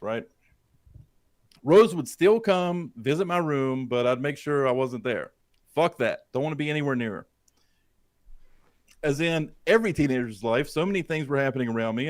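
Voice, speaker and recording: Recorded on a studio dynamic mic with studio quality and no room sound, this medium-pitched man co-hosts a podcast. His creepy first-person tale is heavy on profanity, and he keeps the tension up by quizzing his audience.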